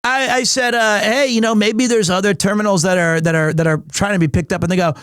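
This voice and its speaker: A man in his forties, a streamer casually telling a story to his chat, animated, and acting out the people he quotes in funny voices. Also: high-pitched, brisk, clean tone, dry recording, clean studio sound. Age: 40s.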